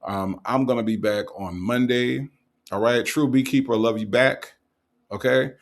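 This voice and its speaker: Man, livestream host, casual sign-off, chatty, keeps asking okay. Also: mid-range voice. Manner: chatty, checks in with "okay?" and "right?"; repeats affirmations slowly.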